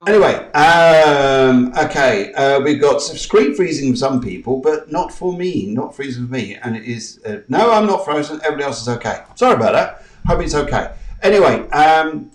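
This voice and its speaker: The host of a live-streamed spiritual show gently guides listeners through tapping affirmations, speaking at a moderate pace in a medium-pitched voice with lively intonation. He is set back from the mic, which gives his voice a roomy echo.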